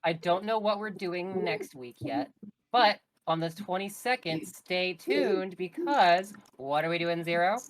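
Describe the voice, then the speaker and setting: A woman in a casual chat after a tabletop session, bubbly and quick to react to the others. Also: fairly low pitch, a little hiss or hum. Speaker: co-host player. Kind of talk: casual post-game chat.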